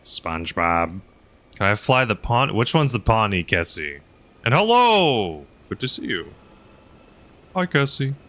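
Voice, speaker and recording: A young man rambles through casual gaming stream chat, full of fillers and quick asides. His voice sits a bit low but has a bright, forward edge. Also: lively intonation. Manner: rambling, filler-heavy, laughs often. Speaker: streamer flying a helicopter.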